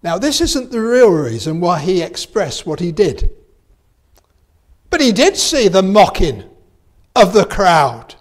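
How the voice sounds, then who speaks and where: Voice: mid-range voice, big pitch swings, takes it slowly, pauses often. A preacher delivering a sermon with emphatic delivery that rises to fervent peaks, reading scripture aloud in King James wording.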